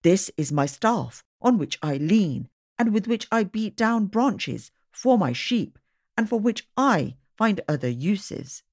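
A woman reading the lines of a frightened shepherd prophet in her own slow, breathy voice. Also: medium pitch, big pitch swings, a little mellow, heavily acted. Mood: fearful.

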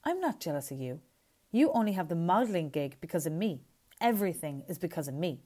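A woman's voice: on the low side, big pitch swings, a little fast, dark tone. A woman voicing an arrogant, hot-tempered young man who snaps defiantly. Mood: angry defiant. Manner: snapping, defiant.

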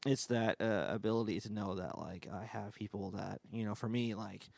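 A man's voice: fairly low pitch, steady tone, moderate pace, vocal fry, darkish tone, no room sound. A man co-hosting a church staff podcast, chatting casually with a laid-back, rambling manner and frequent laughs. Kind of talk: casual chat. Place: sound booth inside a church sanctuary.

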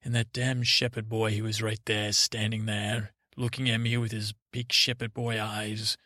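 A man hosting a podcast, telling a meandering bedtime story in a halting, self-correcting way. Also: on the low side, flat delivery, pushed and bright, no echo, studio quality.

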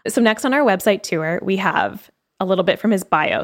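A young adult woman co-hosting a podcast, talking fast and animatedly, often stopping to read quotes aloud. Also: medium pitch, lively intonation. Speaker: podcast co-host. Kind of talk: casual podcast chat.

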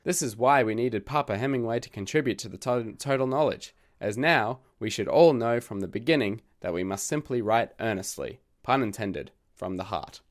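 A man hosting a literature podcast, reading a scripted essay with wry, jokey asides in a voice left croaky by a recent illness. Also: medium pitch, a little fast, hardly any pauses.

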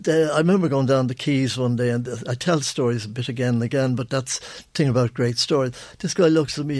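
A man's voice: mid-range voice, creaky, a little mellow, no echo. Older Irish man spinning anecdotes. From Ireland. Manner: anecdotal, rambling storyteller with many restarts. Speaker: guest. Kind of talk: radio interview.

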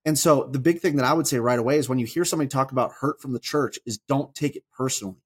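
A husky man with a medium-pitched voice talks at a racing pace. He's a father in his thirties chatting casually on a faith podcast, telling animated stories and often restarting his sentences.

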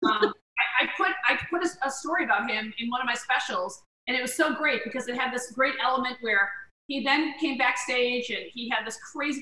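A middle-aged woman comedian, a guest, telling animated stories in a casual chat in a home kitchen, acting out the voices of people she quotes. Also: a little high, far from the mic, a little hiss or hum. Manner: animated storyteller who acts out quoted voices. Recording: roomy, from off the mic.

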